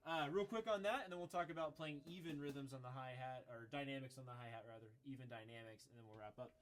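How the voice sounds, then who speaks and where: A man giving a casual drum lesson, explaining in a relaxed way with some self-corrections. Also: mid-range voice, fast talker, slight background noise. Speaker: drum teacher. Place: music school room. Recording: voice between loud drum playing. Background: drum kit playing.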